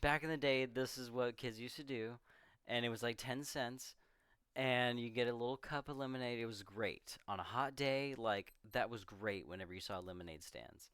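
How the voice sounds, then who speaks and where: Brief: young male co-host, smooth clear tone, close dry mic, rambling, swears, acts out scenes. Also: medium pitch, normal speed, fairly bright tone, no room sound. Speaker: podcast co-host. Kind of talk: casual movie discussion.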